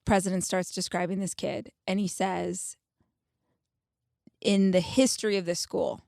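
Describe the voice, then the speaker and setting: A woman in her forties hosting a podcast, telling stories in an animated, expressive, casual way. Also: on the low side, unhurried, vocal fry, dry recording, clean studio sound. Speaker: podcast host. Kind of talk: casual chat.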